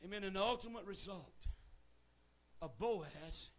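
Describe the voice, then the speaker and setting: A middle-aged man preaching a revival sermon in a church, moving from relaxed storytelling to shouted, fervent calls. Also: sits high, slow pace. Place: church sanctuary.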